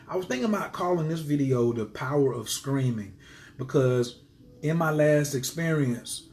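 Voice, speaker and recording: A man's voice: a little high, a little mellow, slight background noise. A man teaching astrology to his viewers in a casual live stream, speaking passionately and emphatically and driving his points home by repeating them.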